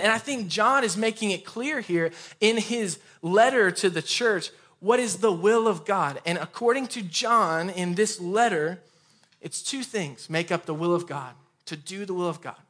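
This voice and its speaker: A young man preaching a sermon in a conversational, energetic way with casual asides, speaking in an empty room. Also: high-pitched, moderate pace. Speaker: pastor.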